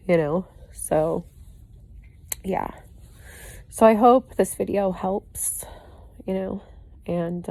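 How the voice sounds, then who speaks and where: Low gravelly-voiced woman vlogging. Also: a little mellow, no echo. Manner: rambling, heavy with "you know" and "like" fillers; candid, swears freely. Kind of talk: casual personal video update.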